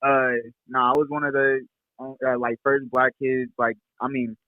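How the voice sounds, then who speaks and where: A man's voice: mid-range voice, little pitch movement, measured pace, dry recording. Chill kc rapper dude in his 20s, rambly, tinny phone sound. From Kansas City, Missouri. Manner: laid-back, rambling, lots of fillers and laughs. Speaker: rapper guest. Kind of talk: casual interview chat.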